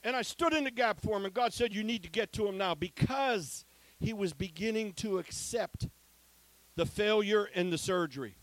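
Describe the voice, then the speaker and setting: Male preacher, high voice, emphatic, moves from booming declarations to quiet storytelling. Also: normal speed, no echo. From Ohio. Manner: lively, emphatic, swinging between loud declarations and hushed storytelling. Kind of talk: preaching testimony.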